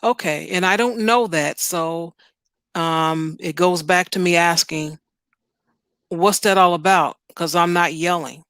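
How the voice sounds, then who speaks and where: A woman's voice: lowish voice, a little slow, a bit bright, no echo. A woman hosting a livestream advice show, blunt and full of probing questions.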